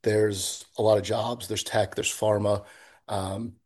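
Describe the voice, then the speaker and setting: A man with a fairly low voice, chatting casually. He tells his stories in an easygoing, relaxed way, never rushing. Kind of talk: casual chat.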